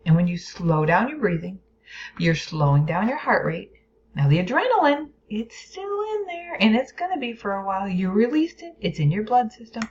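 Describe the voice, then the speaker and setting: A woman's voice: medium pitch, sing-song, fairly quick, a little mellow, slight background noise. A woman teaching a lesson on stress and the brain, explaining plainly with playful whispered asides and acted inner voices. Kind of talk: educational video lesson. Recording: dull lo-fi recording.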